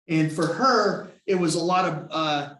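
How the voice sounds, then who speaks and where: Man, motivational team talk, animated storyteller, high-pitched, echoey room. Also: unhurried. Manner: animated storyteller, acts out his own past thoughts. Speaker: team leader.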